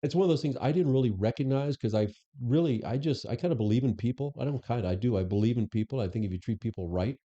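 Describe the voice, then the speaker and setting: At medium pitch and with a dark tone, this man talks fast with few pauses. He is a former police superintendent on a podcast as a guest, speaking candidly about his time as police chief through anecdotes and many restarts. The recording is dull and lo-fi.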